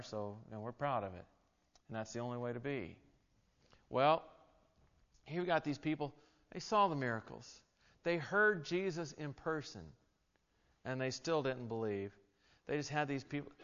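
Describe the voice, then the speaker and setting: A male pastor preaching a sermon, moving between quiet scripture reading and loud, emphatic exhortation. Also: mid-range voice, unhurried, pauses often. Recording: echoey, slightly dull hall recording.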